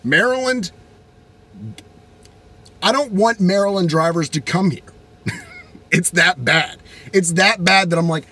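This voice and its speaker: A young man from Virginia ranting casually in an animated, rambling way, with many restarts. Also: high-pitched, measured pace, pauses often, slightly rough. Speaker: vlogger. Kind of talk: casual rant.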